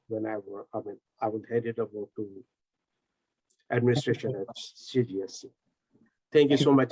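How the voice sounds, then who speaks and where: Polite host with many fillers. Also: male voice, mid-range voice, low-quality recording. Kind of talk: formal closing remarks. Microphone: video call.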